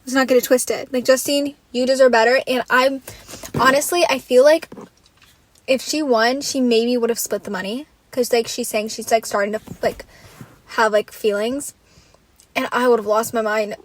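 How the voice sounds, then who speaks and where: A woman's voice: a little high, fairly even intonation, normal speed, slight background noise. A young woman hosting a solo podcast, ranting in an exasperated, casual way, swearing freely and saying "like" constantly. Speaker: podcast host.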